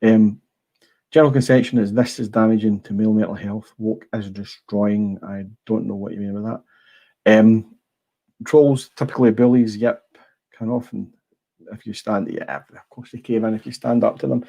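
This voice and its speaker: A man's voice: lowish voice, steady tone, moderate pace, creaky, dark tone, muffled recording. A middle-aged Scottish man hosting a casual livestream, blunt and rambling, swearing freely. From Scotland. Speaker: livestream host. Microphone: small clip-on mic.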